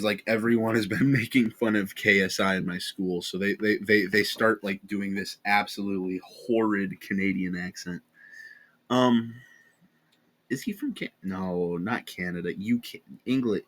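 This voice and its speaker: A man's voice: fairly low pitch, fairly bright tone. A tired man with an American accent giving a rambling, sarcastic casual commentary on online drama, often correcting himself. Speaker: commentary channel host.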